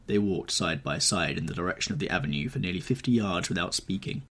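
A man reading a classic novel aloud in measured, literary audiobook narration. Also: low-pitched, lively intonation, a bit bright, slightly rough.

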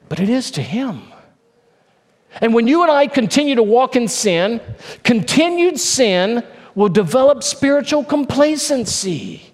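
A male pastor preaching a sermon in an earnest way, repeating key phrases for emphasis and dropping to a hushed, low tone on solemn points.

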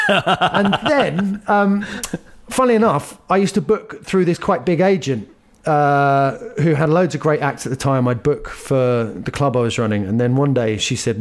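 A man, a comedian telling lively anecdotes with laughs in a casual interview. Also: medium pitch, moderate pace. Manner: animated, anecdotal, laughs while telling stories. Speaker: guest comedian.

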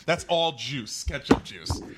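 A man's voice: mid-range voice, expressive, a little slow, heavy background noise. Crude, rambling storyteller man. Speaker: podcast guest. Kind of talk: casual chat.

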